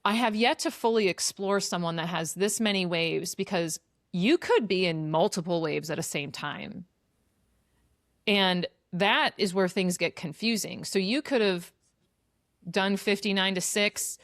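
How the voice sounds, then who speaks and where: A woman's voice: medium pitch, no echo. Chatty woman podcast host, dry sound. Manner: reflective, many fillers like "like". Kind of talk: casual conversation.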